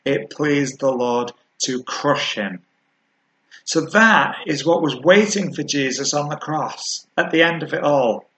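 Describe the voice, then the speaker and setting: A man preaching a sermon, earnest and measured, slowing down to stress key words. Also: fairly high pitch, a bit bright, a little hiss or hum, rough recording.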